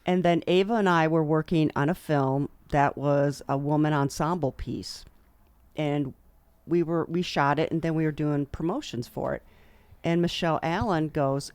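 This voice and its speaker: A woman's voice: low-pitched, moderate pace, smooth, no room sound. A woman co-founder of a film festival, telling the story of how it began in a casual interview, and acting out what others said. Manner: animated storyteller who acts out quotes.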